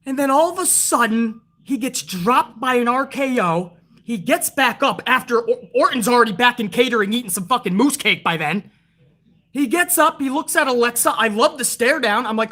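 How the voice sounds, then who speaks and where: A woman hosting her own wrestling review show, ranting to viewers in a casual, heated way, swearing constantly and retelling events with rising excitement. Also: on the high side, moderate pace. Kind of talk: casual profane review rant.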